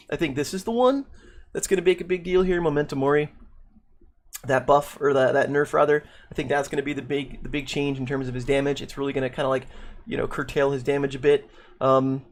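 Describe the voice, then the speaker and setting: A man casually reading and reacting to game patch notes, thinking aloud with many restarts, saying he is losing his voice. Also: mid-range voice. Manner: thinking aloud with frequent restarts and repeated words. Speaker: gaming video creator.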